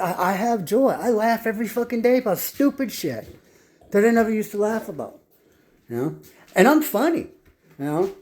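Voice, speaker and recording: A man with a somewhat high-pitched voice tells his own story in a loose, unscripted monologue. He swears freely and stumbles often, repeating words before he finds the thread of a sentence. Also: darkish tone. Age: adult. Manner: rambling, heavy swearing, frequent restarts and stammered repeats. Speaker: vlogger telling his life story.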